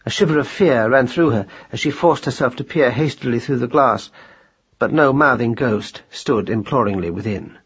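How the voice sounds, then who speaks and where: A man narrating a storybook in a measured, gently wry telling. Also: mid-range voice, husky, lo-fi sound. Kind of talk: audiobook narration.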